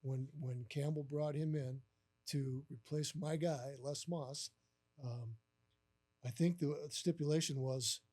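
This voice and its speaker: Animated high-voiced older man telling stories. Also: slow. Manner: animated storyteller who acts out quoted voices with many fillers. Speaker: guest, former baseball catcher. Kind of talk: live podcast storytelling.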